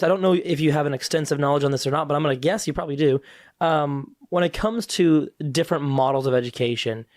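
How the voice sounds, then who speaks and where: A man's voice: on the high side, no room sound, clean studio sound. A man with an American country accent hosting a podcast, asking curious, conversational questions. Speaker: podcast host. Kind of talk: casual interview talk.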